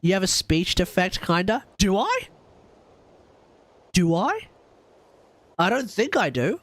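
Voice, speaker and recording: A man's voice: high-pitched, huge pitch swings, takes it slowly. A man streaming a game, nasal and stuffy from a cold, rambling and joking as he repeats himself. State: blocked nose from a cold. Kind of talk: casual live-stream chat.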